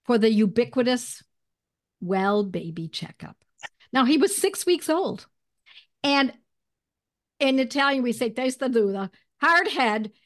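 Animated woman telling a personal story. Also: on the high side, a little slow, pauses often. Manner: animated storyteller who often clears her throat. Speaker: guest, homeopathy educator.

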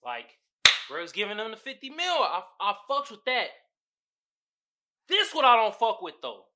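A man's voice: high-pitched, wildly swooping pitch, normal speed, bright, forceful tone. A young man hosting his own podcast, talking casually in a profane, emphatic, slangy way. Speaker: podcast host. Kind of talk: casual solo podcast talk.

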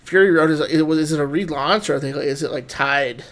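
A man's voice: a little high, a little fast, a bit bright. A man co-hosting a podcast in casual chat, asking questions and pressing the point.

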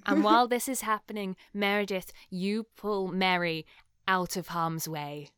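A woman narrating calmly as game master of a tabletop game. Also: medium pitch, measured pace, clear, resonant tone, no echo.

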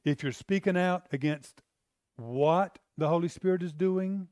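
A man's voice: high voice, measured pace, no echo, studio quality. A male pastor preaching conversationally, telling stories from his own life, acting out what he used to say, and checking in with his listeners. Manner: animated storyteller acting out his own past arguments. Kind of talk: sermon with personal stories.

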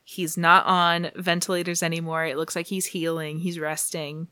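A woman's voice: on the low side, level tone, normal speed, pushed and bright, clear, resonant tone, no room sound, clean studio sound. A woman casually recapping a comic story, laughing often and dropping to a whisper for asides. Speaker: podcast host recapping comics. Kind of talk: casual chat.

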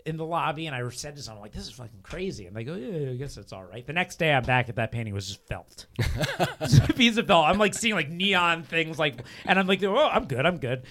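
A young man casually telling a rambling story, full of fillers, laughs and quick asides. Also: on the high side, lively intonation, pushed and bright. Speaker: storyteller guest.

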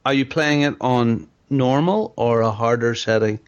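A man chats casually about games, quizzing his friend and giving opinions with a dry edge. His voice is middle-pitched. The recording sounds dull and lo-fi. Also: measured pace. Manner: wry, opinionated, asks questions. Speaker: podcast co-host. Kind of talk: casual gaming chat. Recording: dull lo-fi audio.

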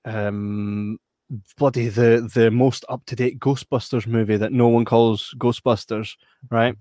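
A man with a Scottish accent, co-hosting a casual chat about a film. He talks in an animated, emphatic way. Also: medium pitch, measured pace, no echo, clean studio sound. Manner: animated, emphatic, acts out quoted voices. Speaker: podcast co-host.

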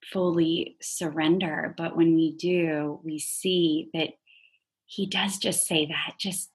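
A woman hosting an interview, reflecting on her guest's story in a warm, thoughtful way. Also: low voice, husky. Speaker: podcast host. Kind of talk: casual interview chat.

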